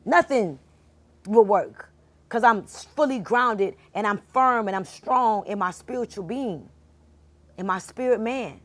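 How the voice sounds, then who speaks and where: A woman's voice: mid-range voice, expressive, measured pace. A woman speaking in a mid-range voice gives an informal motivational spiritual talk. She speaks straight to her listeners and repeats key lines for emphasis. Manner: informal and conversational.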